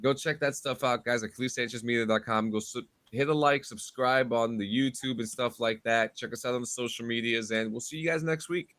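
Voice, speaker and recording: A man's voice: mid-range voice, fairly even intonation, a little fast, few pauses, a bit bright. A man hosting a podcast talks in a loose, rambling way, often repeating words as he starts a sentence. His voice sits in the middle range. The sound is dry and close, with no room echo. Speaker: podcast host. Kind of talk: casual podcast sign-off.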